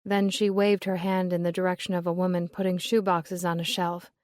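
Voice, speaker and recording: A woman narrating a cozy mystery novel in an even, measured storytelling voice. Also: lowish voice, dry recording, studio quality. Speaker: audiobook narrator. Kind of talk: scripted narration.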